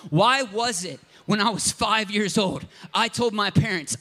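A man's voice: sits high, unhurried, bright, forceful tone. A man from Southern Ohio, a pastor preaching a sermon in an impassioned, conversational storytelling way.

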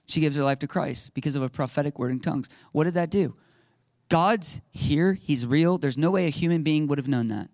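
A male pastor preaching a sermon and telling stories in an animated, conversational way. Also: on the high side, brisk, no echo, clean studio sound. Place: church sanctuary.

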